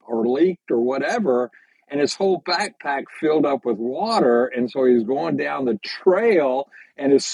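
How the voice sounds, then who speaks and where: An older man, a podcast guest, telling hiking stories in a halting, unhurried way during a casual interview. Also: fairly high pitch, darkish tone, slightly rough, no echo. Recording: slightly dull lo-fi sound.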